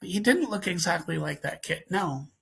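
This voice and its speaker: A man's voice: high-pitched, normal speed, vocal fry. A man telling a personal ghost story in casual conversation, acting out the dialogue and laughing now and then. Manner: animated, acts out the dialogue, laughs often.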